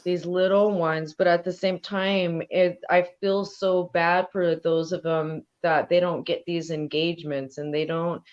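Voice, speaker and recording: A woman's voice: on the low side, steady tone, measured pace, few pauses. A woman speaking as an elder guest on a podcast, talking in a thoughtful, rambling way with many fillers. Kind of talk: casual interview conversation. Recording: dull lo-fi audio.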